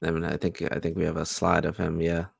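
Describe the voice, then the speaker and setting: A man with a very low, gravelly voice walks through a TV episode in relaxed, casual talk. He slips into the characters' quoted lines as he goes. The sound is dry and close. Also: fast talker, no echo. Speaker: podcast co-host. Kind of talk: casual recap chat.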